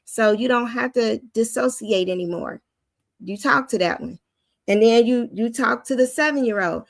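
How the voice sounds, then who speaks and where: A woman with a high, youthful-sounding voice, slightly raised in pitch and with a gravelly fry, gives an informal preacherly teaching. She acts out the voices she quotes, and her voice sounds dry and close. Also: normal speed, no room sound. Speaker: faith teacher. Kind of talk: spoken teaching.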